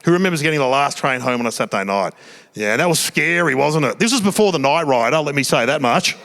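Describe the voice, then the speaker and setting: Middle-aged aussie bloke doing standup on stage, chatty self-mocking yarns, bit high voiced. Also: male voice, animated, quick pace, vocal fry, a bit bright. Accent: Australian. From Australia. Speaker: stand-up comedian. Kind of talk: stand-up comedy storytelling. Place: small theatre stage before a live audience.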